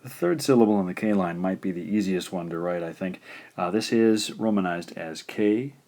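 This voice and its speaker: A man teaching beginner Japanese writing, explaining stroke order patiently and sounding out syllables slowly and deliberately. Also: low voice, dark tone. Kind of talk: instructional explanation.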